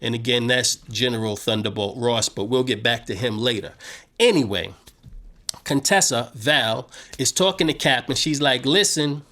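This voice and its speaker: A man hosting a casual recap, talking slangy and animated, retelling scenes. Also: mid-range voice, normal speed. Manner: slangy, animated, paraphrases scenes in his own street voice. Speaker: show host.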